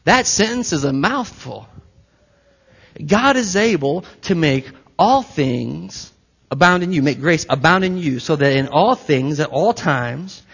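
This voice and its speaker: A man preaching a sermon to his church, animated and playful, swinging between soft asides and loud bursts. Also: fairly high pitch, a little slow, gravelly, slightly rough, dull audio. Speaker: pastor.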